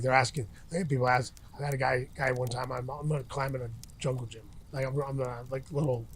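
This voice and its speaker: A middle-aged retired fighter sits outdoors by a campfire as an interview guest, talking casually and rambling with many restarts and fillers. His voice is medium-pitched, and there's a little hiss or hum on the recording.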